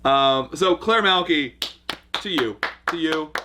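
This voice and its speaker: A man hosting a casual commentary chat, talking in an animated way and laughing often. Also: a little high, slow, background noise. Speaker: host.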